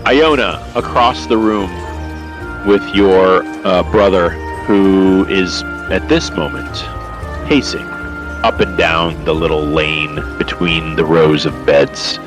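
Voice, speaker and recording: A man narrating as game master of a tabletop game, talking in a halting way with many fillers and restarts. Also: sits low, over music, poor audio.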